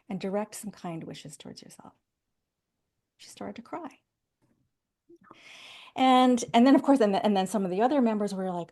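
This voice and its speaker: A middle-aged woman, a psychologist guest on a podcast, telling stories with lively, acted-out quotes. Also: medium pitch, moderate pace. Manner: animated storytelling, acting out quoted voices. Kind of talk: podcast interview.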